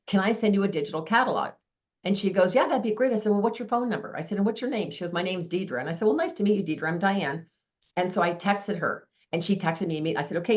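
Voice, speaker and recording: Woman host, fast and chatty storyteller, lower voice, slightly dull lo-fi sound. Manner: chatty storyteller acting out dialogue. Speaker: meeting host. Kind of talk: casual group sharing.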